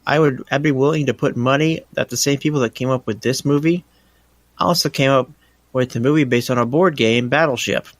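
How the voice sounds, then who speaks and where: A man's voice: medium pitch, a little fast, no room sound. A man joining a casual podcast chat with matter-of-fact, wry remarks.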